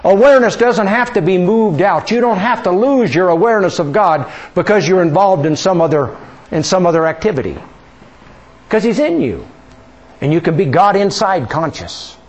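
Animated husky-voiced male preacher. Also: high-pitched, moderate pace, rough recording. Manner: animated, conversational preaching with rhetorical questions. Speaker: pastor. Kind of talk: sermon. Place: church sanctuary.

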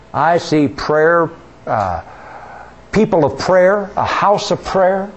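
A man's voice: a little high, muffled recording, slight background noise. A male pastor preaching a sermon in a church, conversational, with many rhetorical questions. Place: church sanctuary.

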